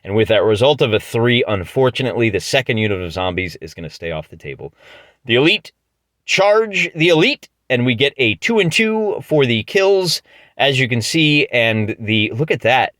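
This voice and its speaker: A man's voice: medium pitch, sing-song, normal speed, fairly bright tone, no room sound. A middle-aged man with a Midwestern American accent, chatting his way through a solo tabletop battle with jokes and restarts. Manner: chatty, jokey, often restarts mid-phrase. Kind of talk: casual play-by-play narration of a tabletop game.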